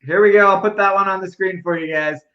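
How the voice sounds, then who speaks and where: A Canadian man co-hosting a podcast, thinking aloud in halting sentences full of fillers. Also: high-pitched, steady tone. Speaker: podcast co-host. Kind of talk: casual chat. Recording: dull, lo-fi sound.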